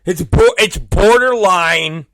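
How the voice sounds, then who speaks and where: A man in his forties hosting a talk show, telling a crude story with repeated words and sudden shouted exclamations. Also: sits high, slow pace, no room sound. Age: 40s. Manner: vulgar, repetitive, bursts into shouted exclamations. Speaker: podcast host. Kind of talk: crude comedic monologue.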